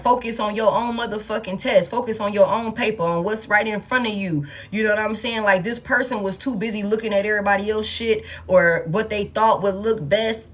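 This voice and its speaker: A woman giving a casual tarot reading in a blunt, profane manner, with laughing asides. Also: fairly high pitch. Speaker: tarot reader.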